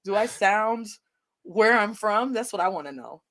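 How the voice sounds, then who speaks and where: A woman from Detroit with a Detroit Midwestern accent, hosting a podcast interview over a live video call with energetic, expressive talk that mixes in Spanish words. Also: medium pitch, normal speed. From Detroit, Michigan. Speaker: podcast host. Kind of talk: conversational interview.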